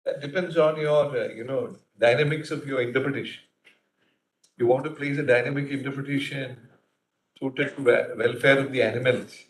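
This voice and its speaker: A man's voice: mid-range voice, steady tone, moderate pace. A man, a judge questioning counsel from the bench, probing and thinking aloud with many fillers. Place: large courtroom. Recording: roomy courtroom echo.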